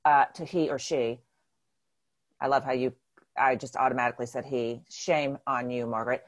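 A woman in casual chat, talking in an animated, self-deprecating way that is full of restarts. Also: extremely low pitch, moderate pace.

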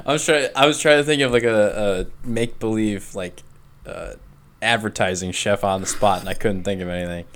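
A man's voice: fairly low pitch, brisk. A man co-hosting a podcast in casual chat, joking and bantering with his guest. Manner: joking banter, laughs loudly. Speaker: podcast co-host.

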